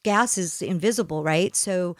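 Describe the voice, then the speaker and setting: A woman's voice: fairly low pitch, moderate pace, no echo, studio quality. A woman, a regular on the show, chatting casually and acting out other people's lines as she tells a story. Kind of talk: casual chat.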